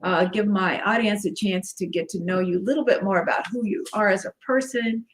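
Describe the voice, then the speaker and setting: A woman's voice: mid-range voice, fairly quick. A middle-aged woman hosting a livestream interview, welcoming a guest and encouraging her audience to join the chat. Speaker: host.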